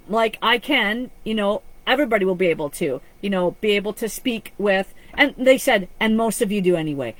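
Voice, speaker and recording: A woman's voice: mid-range voice, rough recording. Earnest, rambling woman psychic. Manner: earnest, rambling, with many restarts and fillers. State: choked up with emotion. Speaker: psychic medium. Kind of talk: live-streamed reading, casual monologue.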